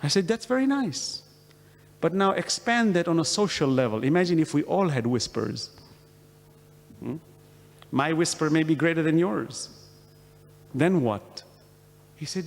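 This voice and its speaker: Long hall reverb surrounds this man's high, gravelly voice, which has lively intonation, a measured pace, and long pauses. Earnest in his religious lecture, he poses questions and plays out dialogues to drive his points home.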